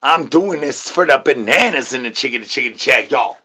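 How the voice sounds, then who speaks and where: A man's voice: mid-range voice, lively intonation, normal speed, bright, forceful tone, husky. A man livestreaming, rambling nonsense to his chat in a sing-song patter, repeating rhyming filler syllables and catchphrases.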